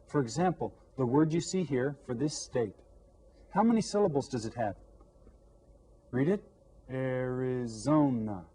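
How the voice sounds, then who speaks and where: A man teaching a lesson to young pupils, repeating words slowly and clearly. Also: mid-range voice, dark tone, low-quality recording. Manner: slow, drawn-out repetition of words. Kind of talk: classroom lesson to children.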